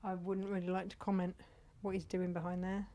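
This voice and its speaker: A woman's voice: lowish voice, little pitch movement, a little fast, dark tone. A woman hosting a casual chat about fabrics, gushing and chatty. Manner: gushing, chatty, drops to whispers. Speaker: host.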